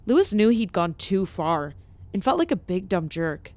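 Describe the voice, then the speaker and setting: Deadpan woman narrating a comedy story. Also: mid-range voice, moderate pace, dry recording. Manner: deadpan, mock-grand delivery.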